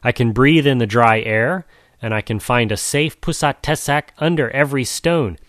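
A man's voice: medium pitch, moderate pace, fairly bright tone, dry recording, studio quality, natural voice. A man voicing Pau Ama, a bargaining crab. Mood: boastful. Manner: bargaining, insistent. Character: proud soft-shelled male crab, demanding.

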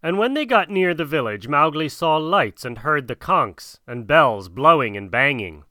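Male narrator, storybook reading, bright crisp voice, dry close sound. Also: on the high side, normal speed, dry recording. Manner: expressive, dramatic.

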